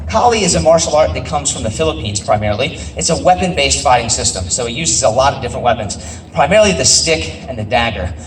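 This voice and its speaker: A man's voice: medium pitch, lively intonation, fast. A man, a martial arts instructor, explaining a live demonstration to a festival crowd in a plain, matter-of-fact way. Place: outdoor festival. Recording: echoey, distant, faint outdoor noise.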